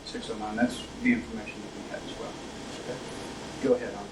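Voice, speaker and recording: A male police interrogator runs the interview in a formal, methodical way. The recording is roomy and echoey, with the mic set some distance away. A steady hiss of noise sits under the voice. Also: medium pitch, fast talker. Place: interrogation room.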